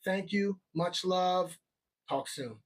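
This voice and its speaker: Rambling man hosting a live show. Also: slow pace. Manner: loose and rambling, keeps checking in with "all right?"; upbeat promotional pitch. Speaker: show host.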